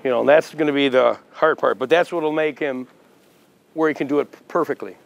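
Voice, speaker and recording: A man's voice: on the high side, brisk, vocal fry, low-quality recording. A man training a dog, giving repeated short commands and praise, then casually explaining the progress. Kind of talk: dog training demonstration with commentary.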